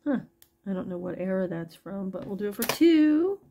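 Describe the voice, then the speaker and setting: Very animated and warm, this woman sells jewelry online in a relaxed live chat, pricing every piece out loud as she shows it to viewers. Her mid-range voice is gravelly and husky, and she keeps a moderate pace.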